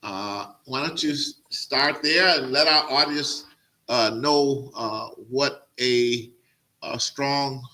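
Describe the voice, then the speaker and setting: A middle-aged man from Mississippi hosting a podcast, speaking earnestly and haltingly with many "uh" fillers. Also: mid-range voice, sharp tone. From Mississippi, USA. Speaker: podcast host. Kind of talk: casual interview introduction.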